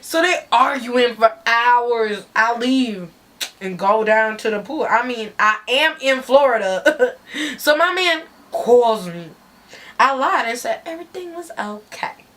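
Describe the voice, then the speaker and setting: A woman's voice: fairly high pitch, takes it slowly. A woman giving a dramatic, slangy and profane reading of a wild story. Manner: animated, slangy, swearing narration.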